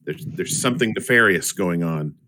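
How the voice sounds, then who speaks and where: A man's voice: low-pitched, animated, normal speed, sharp tone. A man playing a tabletop game, speaking hesitantly and repeating words as he searches for them. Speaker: player. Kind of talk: tabletop role-play chat.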